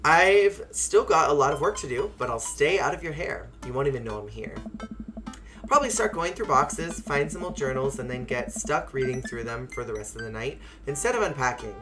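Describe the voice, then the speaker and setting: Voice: mid-range voice, expressive, fairly quick, over music, close to an everyday voice. A streamer reading an awkward, wry single dad.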